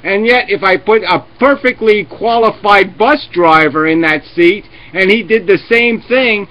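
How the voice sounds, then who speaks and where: A man's voice: sits high, a little slow, hardly any pauses, fairly bright tone. A man hosting a live video chat, ranting and swearing sarcastically as he argues with callers. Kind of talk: heated live debate. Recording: lo-fi webcam stream audio.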